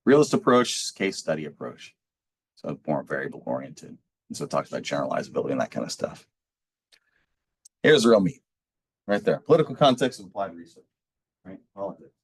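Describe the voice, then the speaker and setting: A man's voice: sits low, recorded from a distance. A male instructor giving a casual recorded class lecture, rambling with many fillers and restarts.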